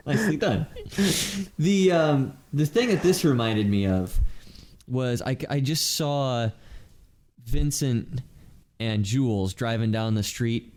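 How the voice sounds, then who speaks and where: A man hosting a casual podcast chat, talking in a rambling, halting way with many restarts and fillers. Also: mid-range voice, lively intonation, a little mellow. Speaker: podcast host.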